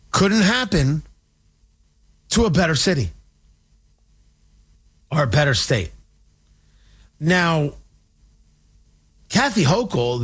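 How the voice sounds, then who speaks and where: A man's voice: on the high side, a bit bright. A man from Indiana hosting a talk radio show, giving sarcastic, digressive political commentary.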